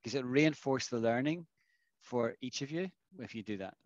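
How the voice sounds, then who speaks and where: An English teacher runs an online lesson over a video call, his medium-pitched voice lively in intonation yet dry and a bit dull, at a moderate pace with no room sound. He patiently explains expressions and keeps asking the class questions to check in.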